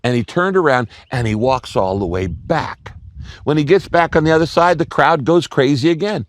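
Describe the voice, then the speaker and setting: A man's voice: fairly high pitch, lively intonation, a little fast, no room sound, studio quality. An older man preaching a sermon, telling stories and acting out quoted voices, repeating key lines for emphasis. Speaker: pastor.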